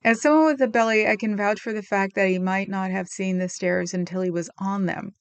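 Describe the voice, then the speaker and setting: A woman's voice: mid-range voice, steady tone, a little fast, clean tone. A middle-aged woman hosting a livestream, chatting casually and sarcastically as she recounts a video and reads comments aloud, with frequent ums. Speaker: livestream host.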